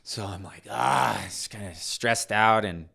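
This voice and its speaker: His voice sits on the low side, a little slow, with vocal fry; he's a middle-aged man guesting on a podcast. In conversational storytelling he animatedly acts out voices, often restarting and trailing off mid-phrase.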